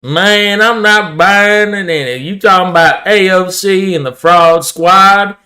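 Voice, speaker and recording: A man voicing a stubborn, drawling rural working-class man who talks slowly and dismissively. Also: high-pitched, pushed and bright. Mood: scoffing, stubborn. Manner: folksy dismissive drawl, slow.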